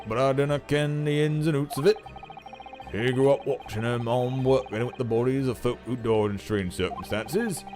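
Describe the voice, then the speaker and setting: A man voicing a gruff old prison governor with a put-on Scottish accent, brusque and folksy, using Scots words while reading game dialogue. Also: mid-range voice, a little mellow, voice pushed up, natural voice.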